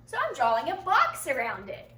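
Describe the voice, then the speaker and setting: A woman teaching a children's phonics lesson, speaking patiently and slowly to young learners. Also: sits high, wildly swooping pitch, pushed and bright, roomy sound. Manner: slow, patient, sing-song teacher talk to young learners.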